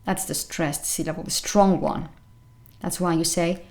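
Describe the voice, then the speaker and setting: A woman teaching English pronunciation, saying each word slowly and repeating it with care. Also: fairly low pitch, fairly even intonation. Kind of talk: pronunciation lesson.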